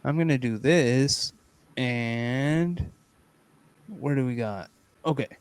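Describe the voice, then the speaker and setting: A man hosting a casual comedy podcast, playful and mock-earnest, with loud bursts of excitement. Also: mid-range voice, slow pace, clean tone. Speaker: podcast host.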